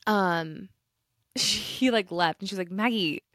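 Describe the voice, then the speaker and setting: A young woman co-hosts a casual podcast, rambling through a story and cutting herself off mid-sentence. Her pitch sits in a middle range. The recording is dry and close, with no room sound. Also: a bit bright, no room sound. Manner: rambling, self-interrupting storyteller with quick laughs. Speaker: podcast co-host. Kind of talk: casual chat.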